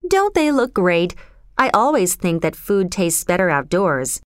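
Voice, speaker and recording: A woman voicing a cheerful young girl in a storybook reading, bright and chirpy. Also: on the low side, very animated, measured pace, smooth, no echo, clean studio sound.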